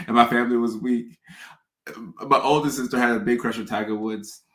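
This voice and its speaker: A man's voice: mid-range voice, fairly even intonation, normal speed, a bit bright. Rambling man in a roomy echo. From Southern US. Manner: rambling, with frequent restarts and fillers. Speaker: content creator. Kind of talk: casual storytelling monologue.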